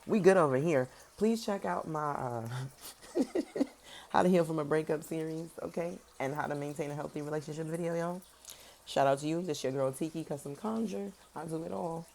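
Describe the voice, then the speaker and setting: A woman giving a casual tarot reading, talking straight to her viewers in a sassy, animated way. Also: low-pitched, slight background noise. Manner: animated, swings between loud emphasis and soft serious tones. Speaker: tarot reader.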